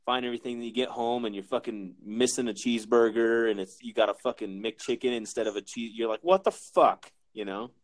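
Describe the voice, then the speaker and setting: A man's voice: mid-range voice, flat delivery. A young man with an ordinary mid-range voice gripes about small annoyances. He speaks in a loose, conversational way, stretching his sentences out and swearing casually between thoughts. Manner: griping, drawn-out, swears casually. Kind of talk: casual chat.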